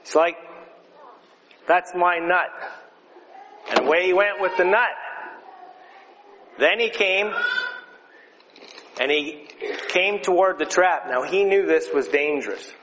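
A man telling a lively story to a group of children in a conversational way, showing objects as he goes. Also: sits high, measured pace, pauses often. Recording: reverberant hall, faint noise.

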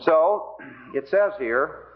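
A man's voice: on the high side, animated, drawn-out words. Man, preacher, evangelistic sermon, earnest pleading, rhetorical questions, tinny old recording.

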